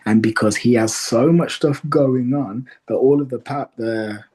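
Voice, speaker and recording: A man guesting as a dating coach on a podcast, calmly explaining his view with examples. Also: medium pitch, slightly rough. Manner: measured, explains by example with acted quotes. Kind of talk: casual podcast conversation.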